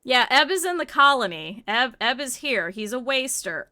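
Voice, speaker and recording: A woman streamer with a slight lisp, chatting casually and excitedly with viewers while playing a game. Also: high voice, moderate pace, few pauses. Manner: chatty and animated, often laughing. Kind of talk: casual gameplay chat with viewers.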